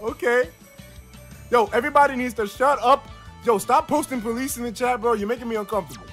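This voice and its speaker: A young man streaming a video game, excitedly yelling, laughing and talking to his chat over game music. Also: very high voice, a little fast. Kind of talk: excitable let's-play commentary.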